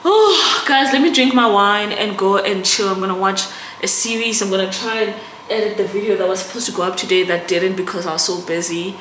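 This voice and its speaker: A woman's voice: mid-range voice, fairly even intonation, a little fast. A young South African woman vlogging casually to camera, chatty and emotional, often turning to her viewers. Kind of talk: casual vlog chat to camera. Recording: echoey room with background noise.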